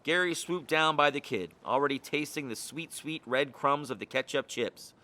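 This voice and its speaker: A man narrating a children's picture book. His storytelling is expressive and lively, and his tone has a bright, pointed edge. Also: a little high, normal speed. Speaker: reader. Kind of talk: picture book read-aloud.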